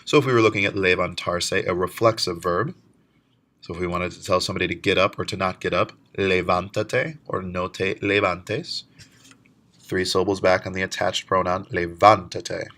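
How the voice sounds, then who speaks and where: A man with a very low, deep voice teaches a recorded lesson. He explains step by step and slows down whenever he models a word. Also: steady tone, a bit bright. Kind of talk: recorded lecture.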